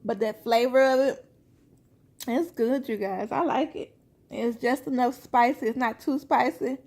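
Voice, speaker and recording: A fairly high-voiced woman vlogger chats casually through a snack taste test. She keeps turning to viewers with "you guys" and hums over her food between remarks. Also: darkish tone. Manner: talks while eating, with drawn-out "mm" sounds.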